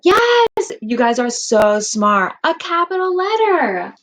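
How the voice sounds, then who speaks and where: A woman's voice: high-pitched, big pitch swings, slow pace, a bit bright. A woman teaching a kindergarten writing lesson, stretching out words and sounds for young children.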